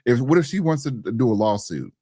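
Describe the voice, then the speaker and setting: A man co-hosting a podcast, reacting to a viral clip in animated, emphatic casual commentary. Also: mid-range voice, a little fast, husky, no echo, studio quality. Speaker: podcast co-host.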